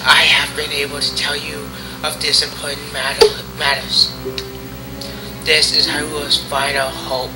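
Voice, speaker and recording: A man's voice: on the high side, monotone, loud music behind the voice, close to an everyday voice, poor audio. A man putting on a dying ancient tree spirit. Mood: solemn. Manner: stiff, halting, old-fashioned solemn delivery with slips. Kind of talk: amateur game dub.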